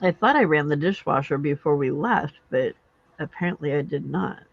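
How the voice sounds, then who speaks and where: A woman's voice: deep voice, normal speed, vocal fry, dry recording, lo-fi sound. A woman hosting a late-night crafting livestream from home, chatting casually, laughing often and scolding her cats. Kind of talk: casual chat while crafting.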